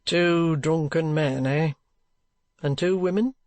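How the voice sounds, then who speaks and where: Audiobook role: man playing a stern, gruff detective. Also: a little high, slow, no echo. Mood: probing. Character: stern, probing male detective.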